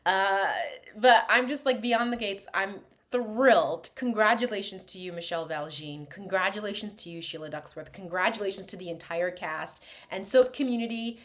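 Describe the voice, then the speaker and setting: A woman's voice: mid-range voice, moderate pace. Chatty, laughing woman reviewing a show. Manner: chatty and animated, laughs often, drops to asides. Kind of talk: casual reaction vlog.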